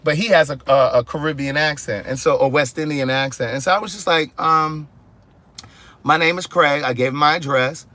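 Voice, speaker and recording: A man telling a story in casual vlog style from his car, animated and exasperated, acting out both sides of his phone calls. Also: a little high, brisk, few pauses. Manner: sassy, exasperated. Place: inside a car.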